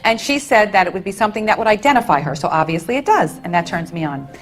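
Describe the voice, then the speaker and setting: Woman medium, mid pitch, soft consoling delivery with pet names, faint music underneath. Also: lively intonation, quick pace. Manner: soothing, endearments, relays messages. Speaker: psychic medium. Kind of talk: live audience reading.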